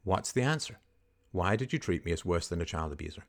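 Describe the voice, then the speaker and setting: A man hosting a call-in advice show, scripting a confrontation in forceful, indignant tones with rapid rhetorical questions and swearing. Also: sits low, lively intonation, gravelly. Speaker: host.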